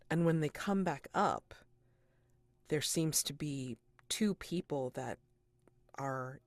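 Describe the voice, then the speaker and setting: A woman narrating as game master of a tabletop role-playing game, deliberate and dropping to a hush for suspense. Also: a bass voice, dry recording.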